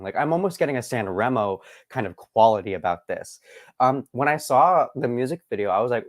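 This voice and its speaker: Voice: mid-range voice, lively intonation, normal speed. A co-host of a casual chat show, talking expressively with sighs and laughs. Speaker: podcast co-host.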